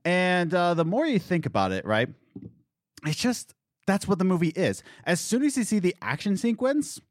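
A man's voice: high-pitched, very animated, moderate pace, no room sound, studio quality. A man co-hosting a casual movie review chat, rambling and laughing at himself as he talks.

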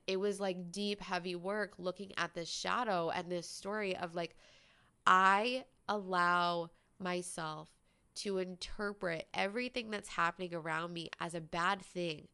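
Woman host, low-pitched, gravelly but smooth voice, candid chatty storytelling with lots of "like". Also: steady tone, unhurried, pushed and bright. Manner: candid, conversational, many "like" fillers. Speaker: podcast host. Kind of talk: personal storytelling monologue.

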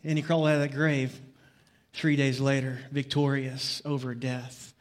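A man's voice: mid-range voice, level tone, normal speed. A man preaching a sermon as pastor, opening with jokes and stories before turning earnest. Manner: jokey storytelling, then earnest preaching.

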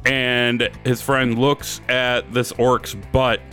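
A man's voice: mid-range voice, level tone, drawn-out words, bright, forceful tone, soft background music. A man from Wisconsin co-hosting a podcast and telling crude gaming jokes, now and then putting on silly voices. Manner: crude joke-teller, slips into silly character voices. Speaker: podcast co-host. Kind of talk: casual joke-telling chat.

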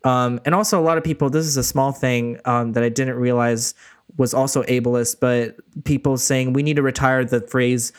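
A man co-hosting a casual discussion, speaking in a thoughtful, measured way. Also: mid-range voice, steady tone, clear, resonant tone. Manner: thoughtful and measured, weighing his words.

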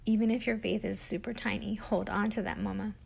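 A woman's voice: mid-range voice, steady tone, brisk, vocal fry, a little mellow, slightly rough. A woman hosting a podcast for moms, talking in an earnest, faith-filled way as she encourages her listeners. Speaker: podcast host, mom coach. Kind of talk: heartfelt encouraging podcast talk.

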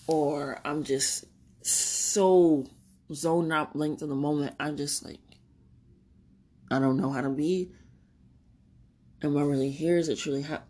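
A woman with a low voice talks through her thoughts in a loose, rambling podcast monologue. She is candid and swears freely, laughing often, and at times she sounds tearful. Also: darkish tone. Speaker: podcast host. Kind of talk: reflective solo podcast monologue.

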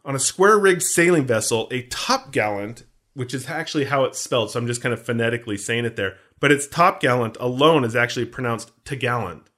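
A man's voice: medium pitch, expressive, brisk, hardly any pauses, a bit bright. A man co-hosting a podcast, chatting casually about a film in a rambling, jokey, self-mocking way. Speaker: podcast co-host.

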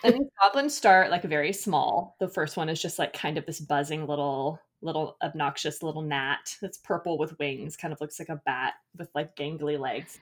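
Low-voiced woman, chatty and enthusiastic. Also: moderate pace, hardly any pauses. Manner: enthusiastic, rambling, many fillers and restarts. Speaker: podcast host reviewing a picture book. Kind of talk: casual chat.

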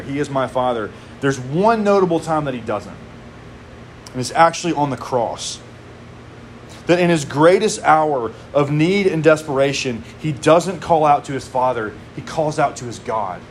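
Conversational pastor, slightly high voice. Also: male voice, a little hiss or hum. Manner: conversational, casual asides with frequent "like". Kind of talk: sermon.

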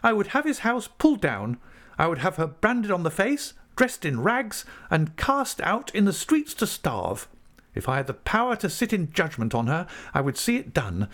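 A man's voice: high voice, wildly swooping pitch, moderate pace, fairly bright tone, voice pushed up, heavily acted. A man voicing a scornful, furious young woman in an audiobook, speaking with vehement, venomous rage.

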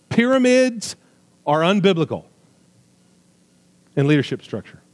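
Emphatic male preacher in a reverberant hall. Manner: emphatic, swings between loud high stresses and low quiet asides; jokey asides with a laugh. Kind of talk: sermon.

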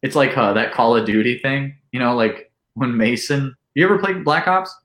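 A man telling a long, animated party story in casual chat, with lots of "like" and acted-out quotes. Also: medium pitch, moderate pace, roomy sound. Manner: animated, full of "like", acts out quotes. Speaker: podcast guest.

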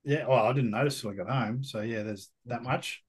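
A relaxed Australian man talking in a casual podcast chat. He swears offhandedly and drifts from story to story. His voice sits at an ordinary pitch. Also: brisk. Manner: laid-back, swears casually. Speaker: podcast co-host. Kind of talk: casual chat over whisky.

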